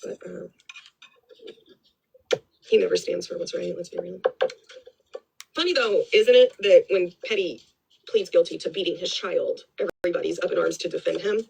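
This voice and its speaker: Gravelly husky woman ranting her opinions. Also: lowish voice, normal speed, pauses often, a little mellow, rough recording. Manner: rambling, blunt, swears freely, repeats herself. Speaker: live stream commentator. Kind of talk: casual opinionated commentary.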